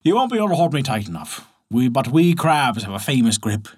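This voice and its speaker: A man's voice: mid-range voice, big pitch swings, brisk, slightly rough. A man voicing a clever, wary crab in a read-aloud folktale, cautious and then defiant.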